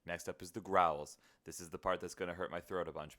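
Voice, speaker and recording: A man's voice: sits low, fairly even intonation, fast, few pauses, fairly bright tone. A man streaming live in casual chat, muttering to himself and joking at his own expense, looping filler words in long strings. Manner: self-mocking, muttering to himself while fiddling with settings.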